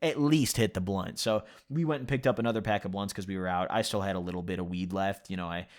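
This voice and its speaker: A man's voice: sits low, fairly even intonation, quick pace. Young guy rambling a storytime vlog at his computer, lots of like and you know, swears a ton. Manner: loose, profane, filler-heavy storytelling. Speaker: vlogger. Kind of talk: casual storytime. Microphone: computer mic at a desk.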